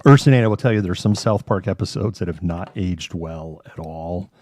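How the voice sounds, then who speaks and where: Low, mellow man rambling on a live show. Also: a little fast, dry recording. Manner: rambling, retells story with voices, swearing. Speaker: podcast co-host. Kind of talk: casual live-show chat.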